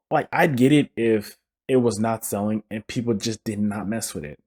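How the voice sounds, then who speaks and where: A young man hosting a casual solo podcast, ranting in an animated, profane and joking way, often restarting his sentences. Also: fairly low pitch, moderate pace, few pauses, husky. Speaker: podcast host.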